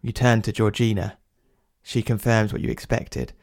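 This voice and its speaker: A man's voice: on the low side, level tone, normal speed, vocal fry, a little mellow, no echo. Wry male narrator, dry close mic. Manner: wry inner-voice narration in second person. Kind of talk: audio drama narration.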